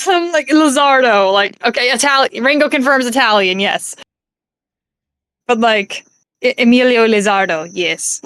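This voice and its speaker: Woman streamer, higher voice, rambling casual movie chat, dry close mic. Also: a little slow, fairly bright tone, no room sound. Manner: rambling, laughing, lots of fillers and swearing.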